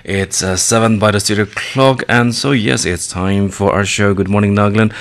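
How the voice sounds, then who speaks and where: A man's voice: fairly low pitch, fairly even intonation, normal speed, fairly bright tone. A man hosting a morning radio show from a studio, speaking in an upbeat, chatty way and often saying "you know". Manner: upbeat, chatty, calls listeners "lovelies", many "you know" fillers. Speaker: radio host. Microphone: studio microphone.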